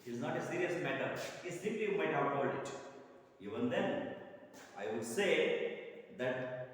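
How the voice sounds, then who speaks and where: Teacher, echoey far-off hall. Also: male voice, a little high, expressive, slight background noise. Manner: repeats and paraphrases each line slowly, clears throat. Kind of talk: classroom lesson explanation.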